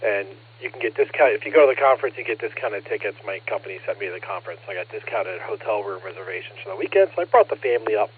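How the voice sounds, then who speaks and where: A man's voice: lowish voice, expressive, racing, hardly any pauses, slightly rough. A man checking into a ham radio net, telling a rambling story in a casual way. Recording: narrow ham radio transmission.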